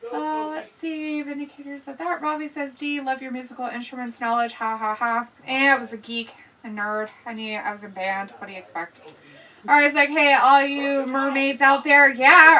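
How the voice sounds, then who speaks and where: A woman's voice: high-pitched, fairly even intonation, moderate pace, pushed and bright, recorded from a distance, low-quality recording. A woman hosting a casual live watch-along, chatting, laughing and reading viewer comments aloud. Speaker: livestream host reading chat.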